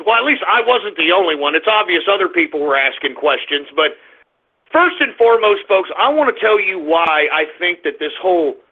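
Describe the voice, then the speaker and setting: A man's voice: high voice, husky, phone-quality sound. A man hosting a talk radio show, giving a blunt, crude, ranting monologue.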